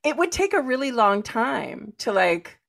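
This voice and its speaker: A woman's voice: fairly high pitch, big pitch swings, a little slow, vocal fry, fairly bright tone. A woman co-hosting a podcast in casual chat, acting out scenes with playful quoted voices and sound effects. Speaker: podcast co-host.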